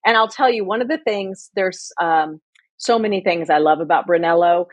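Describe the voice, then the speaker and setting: A woman's voice: lowish voice, moderate pace, no room sound. A woman co-hosting a podcast in casual chat, effusive and chatty, often restarting her sentences. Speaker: podcast co-host.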